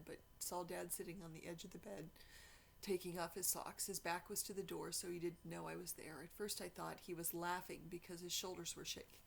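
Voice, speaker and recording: A woman reads a novel aloud with a gravelly, slightly creaky voice. Her delivery is earnest and emotional, at a middle pitch, with faint noise in the background. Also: rough recording. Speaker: reader.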